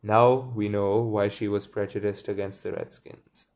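A man reading a children's story aloud, pausing to muse and comment on it. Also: on the low side, fairly even intonation, darkish tone. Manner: muses aloud between passages. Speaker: reader.

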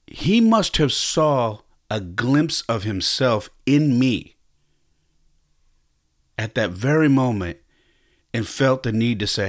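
A man's voice: medium pitch, very animated, takes it slowly, long pauses. A man hosting a podcast, telling a personal story in a reflective, earnest way, often stopping and restarting his sentences. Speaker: podcast host.

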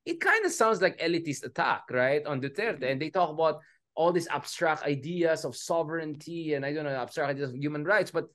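A man's voice: on the high side, a little fast. A man with a Filipino accent in casual political discussion, switching between Filipino and English and calling his co-host "bro". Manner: animated, mixes Filipino and English, says "bro".

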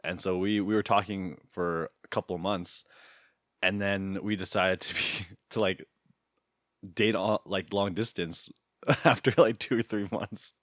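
Low-voiced man rambling through a story. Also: steady tone, measured pace, a bit bright, dry recording, clean studio sound. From Canada. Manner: rambling, self-deprecating storyteller. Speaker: podcast co-host. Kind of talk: casual chat.

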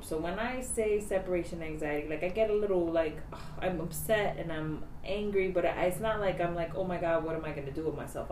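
A woman's voice: lowish voice, a little mellow, distant mic. A woman co-hosting a podcast, talking bluntly and breezily with a self-assured manner. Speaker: podcast co-host. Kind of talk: casual chat. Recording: echoey room off-mic with faint hiss.

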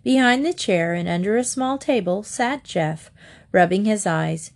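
A woman narrating a children's chapter book in a steady, expressive read-aloud. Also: mid-range voice, unhurried, gravelly.

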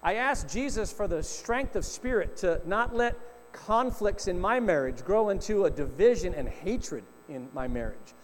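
Middle-aged male pastor, high voice, chatty storytelling sermon, echoing hall, faint hum. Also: expressive, normal speed. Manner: storytelling, conversational with frequent "right?" asides.

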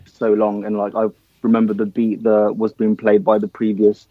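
A man's voice: fairly low pitch, normal speed, no room sound, narrow, tinny audio. A young man from Nigeria, a band's drummer, chatting casually in an interview and often saying "um" and "man". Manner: relaxed, filler-heavy, says man and dude. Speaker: band drummer.

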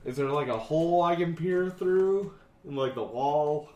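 A man's voice: on the high side, unhurried, dark tone, highs cut off. A man playing in a tabletop game, bantering and joking in and out of character. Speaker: player. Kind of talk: tabletop role-play chat. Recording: echoey room.

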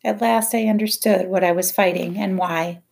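Woman reading a novel, quiet and measured. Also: mid-range voice, fairly even intonation, creaky. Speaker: audiobook narrator. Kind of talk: first-person novel narration.

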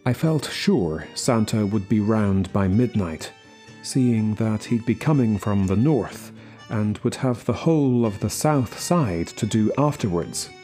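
A man reading a short story aloud as the narrator, in slow, measured scripted narration. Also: lowish voice, lively intonation, warm tone, soft background music. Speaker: story reader.

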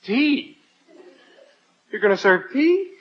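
An actor playing a breezy, wisecracking American newspaper reporter in a radio sitcom. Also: male voice, extremely high pitch, very animated, slow pace, exaggerated voice. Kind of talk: 1940s radio sitcom acting. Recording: muffled old radio recording, faint hiss.

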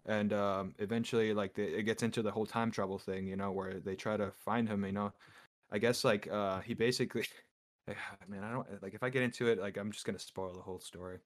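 Low-voiced man rambling in casual chat. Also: fairly even intonation, a little fast. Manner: rambling, heavy use of fillers like "you know". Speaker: podcast co-host.

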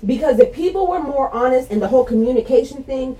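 Argumentative woman, mellow low-toned voice. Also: lively intonation, low-quality recording. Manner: argumentative, halting restarts. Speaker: discussion participant. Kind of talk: casual group debate.

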